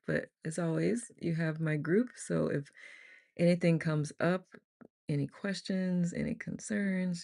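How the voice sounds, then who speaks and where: A woman's voice: deep voice, gravelly, a little mellow. A woman leading a casual live online group session, chatty and rambling, laughing often as she talks to her group on camera. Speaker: meditation group leader. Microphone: on camera, computer mic.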